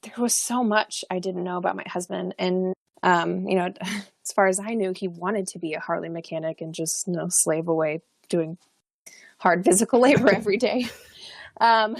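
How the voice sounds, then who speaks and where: A woman's voice: fairly low pitch, normal speed, vocal fry, no echo. A young adult woman, a podcast guest, telling a personal story in a chatty way, full of fillers and restarts and frequent laughs.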